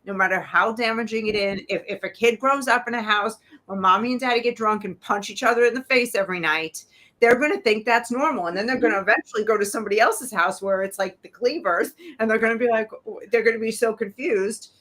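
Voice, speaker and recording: A woman's voice: on the high side, quick pace, pushed and bright. A woman guest on a political panel, speaking with angry indignation. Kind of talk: heated political commentary.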